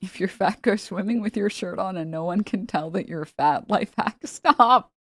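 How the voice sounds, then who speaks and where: A woman's voice: mid-range voice, moderate pace, no echo, studio quality. A woman streamer chatting casually and mocking her subject with sarcasm. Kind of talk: casual chat.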